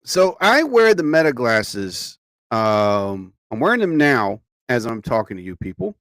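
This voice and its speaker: A tired, sleepy man hosts a live stream, chatting casually and rambling with frequent exclamations. His mid-range voice is a bit bright, with big pitch swings and an unhurried pace. It's a dry studio-mic recording.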